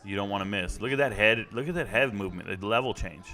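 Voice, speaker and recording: A middle-aged man with a fairly low voice, talking in a blunt, chatty way. He reacts casually on a live stream and speaks straight to his chat. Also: fast, bright, forceful tone. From United States.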